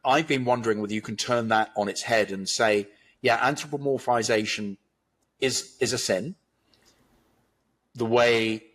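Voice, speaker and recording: A man's voice: medium pitch, moderate pace, long pauses, a bit bright. A man in a reflective conversation, talking in a thoughtful, expansive, philosophical way. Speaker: guest commentator.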